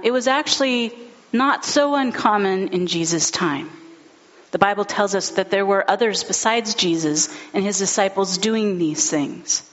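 A woman's voice: mid-range voice, fairly bright tone. A woman pastor preaching a sermon, telling a story in an earnest, heartfelt way, in a dull recording.

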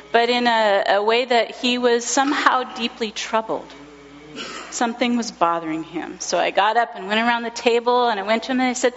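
A woman in her thirties, a pastor giving a sermon, telling a family story with gentle humor. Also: fairly high pitch, moderate pace. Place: church sanctuary. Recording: lo-fi recording in a large reverberant church.

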